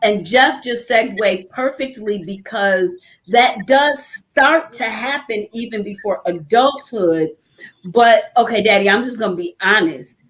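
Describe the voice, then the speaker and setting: A woman's voice: medium pitch, a little slow, a bit bright, low-quality recording. A middle-aged woman hosting a casual talk show, telling candid stories with frequent laughter. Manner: candid storyteller who laughs often. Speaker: host.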